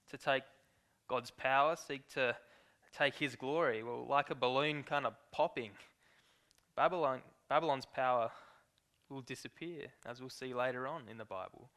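Male preacher, mid-pitched voice, earnest, measured sermon delivery. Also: a bit bright, clear, resonant tone. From Australia. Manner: earnest, measured Bible exposition with read-aloud verses.

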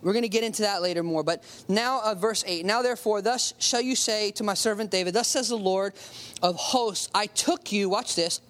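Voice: medium pitch, moderate pace, a bit bright. Conversational preacher stressing key words. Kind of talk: sermon with Bible reading.

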